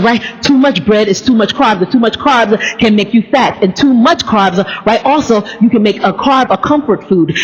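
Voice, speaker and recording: A woman's voice: medium pitch, husky. A woman giving a casual spoken Bible reflection, earnest and conversational, restarting sentences and often tagging on questions to her listeners. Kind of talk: casual spoken devotional monologue. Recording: echoey room, dull lo-fi sound.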